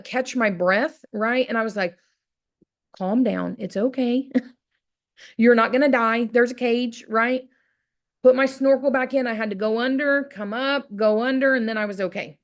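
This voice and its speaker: A woman telling a motivational story in a casual, chatty way, often tossing in "right?" and acting out her own inner voice. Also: fairly high pitch. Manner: chatty, keeps asking "right?". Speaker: motivational speaker.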